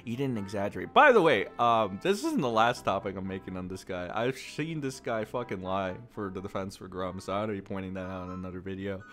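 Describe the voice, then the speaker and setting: A man's voice: low voice, animated, a little fast, hardly any pauses, a bit bright, faint music behind. A man doing profane, mocking reaction commentary who swears a lot and keeps breaking into laughter. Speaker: YouTube commentator.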